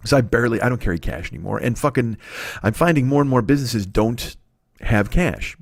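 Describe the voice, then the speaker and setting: A man in his forties rambles through a profane comic story on his solo podcast. His pitch sits mid-range. The sound is dry and close. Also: brisk, vocal fry, no room sound. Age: 40s. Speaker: comedy podcast host. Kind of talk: solo comedy monologue. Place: home studio.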